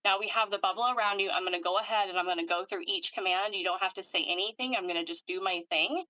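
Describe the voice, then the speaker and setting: Woman energy healer leading a guided clearing; bright, steady, instructive; dry video-call sound. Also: on the low side, fast talker, dry recording, lo-fi sound. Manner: calm, steady, instructive, recites long lists of commands. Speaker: energy worker and channeler.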